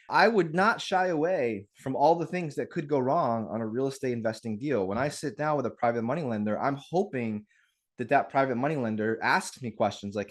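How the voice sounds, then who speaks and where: Energetic guy running a live webinar, mid pitch, pumped up, talking right at the viewers on a call mic. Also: a little fast. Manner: energetic, upbeat, talks straight to the audience. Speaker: webinar host.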